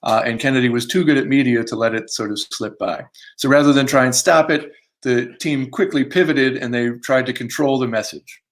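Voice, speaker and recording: Male author, mid-pitched, reads his book live online, dry self-mocking asides, many fillers. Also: brisk. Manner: academic, self-deprecating asides, frequent uh fillers. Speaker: author giving a book reading.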